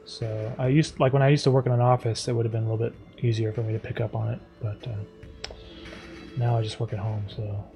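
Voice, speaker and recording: A man streaming live as he animates, talking in a soft, rambling way with lots of fillers. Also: mid-range voice, little pitch movement, brisk, gravelly, soft background music. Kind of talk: casual live-stream chat while drawing.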